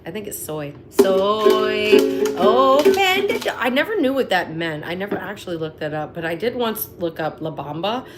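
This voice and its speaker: A woman with a lowish voice and lively intonation talks briskly, with few pauses, over loud music and ukulele strumming on a live stream. Between sung bits she rambles casually, mocking herself and laughing.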